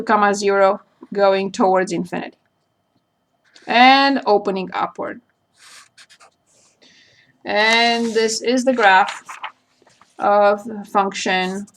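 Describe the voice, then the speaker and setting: A woman math teacher giving a recorded calculus lecture, slowly spelling out each point and step as she works through a graph. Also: mid-range voice.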